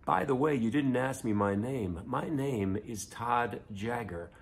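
A man voicing a pushy male frog who insists on getting a bank loan, in an insistent, drawn-out way. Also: mid-range voice, creaky.

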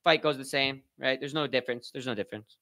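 A young man hosting a live watch party, commentating on slap fights with excitable, profane banter and shoutouts to his chat. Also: medium pitch, fast. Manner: excitable, swears a lot, talks to chat. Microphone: headphones with mic.

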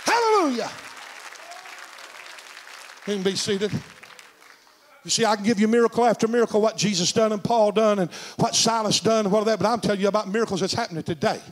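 A middle-aged man preaching a sermon in a church, telling a story and swinging from shouts to hushed tones. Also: high-pitched, fairly even intonation, fast, a faint crowd. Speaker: senior pastor. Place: church sanctuary.

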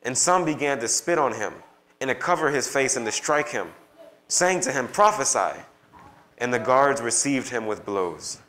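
Bright-voiced man reading scripture. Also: medium pitch, very animated, normal speed, poor audio. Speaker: scripture reader. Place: church.

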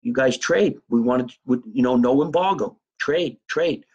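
A man's voice: medium pitch, unhurried, darkish tone, breathy edge, muffled recording. A man voicing a boisterous male Russian leader in a loose, jokey party tone during a comedy bit. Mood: cheerful.

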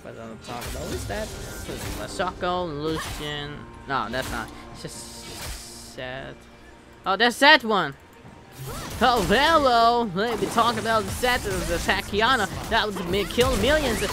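Excitable young gamer shouting over music. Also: male voice, high-pitched, a little slow. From Philippines. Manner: excitable, bursts of loud exclamations. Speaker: gaming channel host. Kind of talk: live gameplay commentary. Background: game music.

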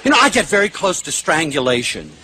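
Animated older man, high lively voice. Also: fast, background noise. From United States. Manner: animated, acts out quoted voices, shouts for emphasis. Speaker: lecturer. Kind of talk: lively motivational lecture with anecdotes.

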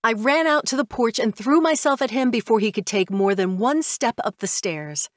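A woman narrating a fiction audiobook in the first person, with a steady, even delivery. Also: a little high, normal speed, no room sound, clean studio sound.

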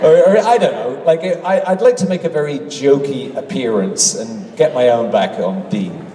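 A man's voice: medium pitch, lively intonation, normal speed, mellow, far from the mic. A man in his sixties from England with a British accent, answering fan questions on a convention panel in a self-mocking, joking way. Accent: British English. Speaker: convention panel guest actor. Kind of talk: fan Q&A on stage. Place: large convention hall. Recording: echoey hall, voice from off-mic.

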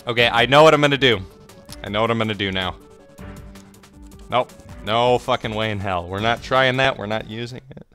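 Excitable swearing man streaming a game. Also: medium pitch, moderate pace, long pauses, faint music behind. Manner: excitable, swearing, bursts into yelps and laughter. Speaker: gameplay streamer. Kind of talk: casual gameplay commentary.

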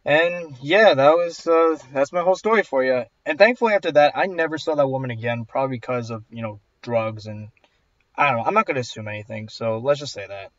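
A young man tells a storytime in a chatty, exasperated way, dropping sarcastic asides. His voice sits at an ordinary pitch. The recording is dry and a little dull and lo-fi. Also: brisk, no echo. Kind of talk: casual storytime narration over gameplay. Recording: dull, dry, slightly lo-fi voice track.

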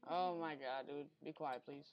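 A woman's voice: sits low, normal speed, dull audio, a little hiss or hum. A woman giving unscripted gameplay commentary during a speedrun attempt, rambling, talking to herself and getting easily frustrated. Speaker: gamer recording a speedrun attempt.

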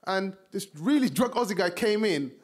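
A young man from Somalia with a South London accent, performing an animated stand-up comedy set on a TV studio stage. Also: sits high, moderate pace. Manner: animated, acts out characters in voices. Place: TV studio stage before a live audience. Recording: live audience laughter behind.

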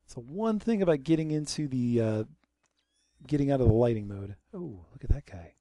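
A young man giving casual gameplay commentary, joking and sarcastic, muttering quietly during stealth moments. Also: mid-range voice, expressive, a little fast, no room sound. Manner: joking, sarcastic, drops to a mutter while sneaking. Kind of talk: casual let's-play commentary.

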